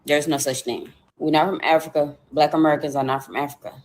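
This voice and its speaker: A woman's voice: low voice, steady tone, fast, darkish tone, a little hiss or hum. A woman ranting bluntly in a social media clip. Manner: blunt, dismissive. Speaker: clip speaker.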